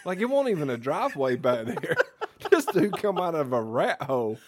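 Excitable male co-host, slightly high voice, animated, cusses freely. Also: normal speed. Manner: excitable, swears, laughs while telling stories. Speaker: podcast co-host. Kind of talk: casual chat over drinks.

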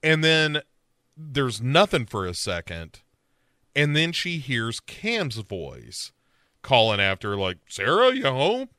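A man's voice: medium pitch, big pitch swings, slow pace, bright, forceful tone, clean tone, no echo, studio quality. A man co-hosting a podcast, casually recapping a show and acting out quotes in a rambling, playful way. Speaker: podcast co-host.

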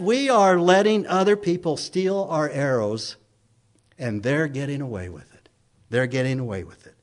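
Male pastor, emphatic pulpit delivery, slightly high pitch. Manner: emphatic preaching, reads scripture aloud. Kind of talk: sermon. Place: church sanctuary.

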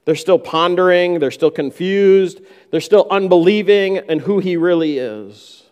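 A man's voice: high voice, a little slow, a little mellow, big-room sound, lo-fi sound. A man preaching a sermon, who acts out the disciples' complaints in a raised voice. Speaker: pastor.

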